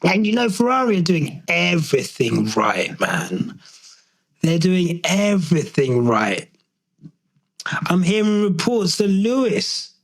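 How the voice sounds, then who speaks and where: A young man from the UK rants through a solo podcast episode in a loose, slangy style full of swearing. His voice sits high for a man and swings widely in pitch as he gets carried away, excitable and talking straight to the listener. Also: low-quality recording. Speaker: podcast host.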